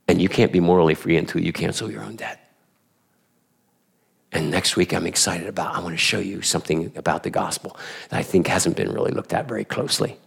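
A male pastor giving a sermon in a church, emphatic and animated, firing rhetorical questions at the congregation and repeating his key phrases. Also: low voice, fairly quick, gravelly, husky.

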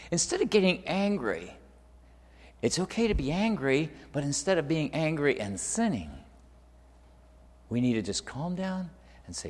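A man's voice: mid-range voice, sing-song, normal speed. Man preaching in a reverberant hall. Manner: swings between loud emphatic peaks and hushed near-whispers; repeats words while finding the next thought. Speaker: pastor. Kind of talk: sermon.

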